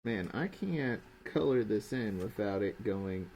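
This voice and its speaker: A man's voice: on the low side, animated, measured pace, few pauses, darkish tone, slight background noise, low-quality recording. Brief: young male streamer, teasing casual chat. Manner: teasing, joking.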